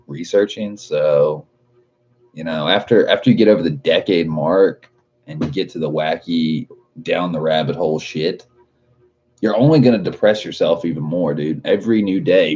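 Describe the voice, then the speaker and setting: A young man in his late twenties with a very low voice talks through a livestream, reading chat and cursing freely in a relaxed way. The audio is dull and lo-fi. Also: normal speed. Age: 20s. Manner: laid-back, swears a lot, laughs often.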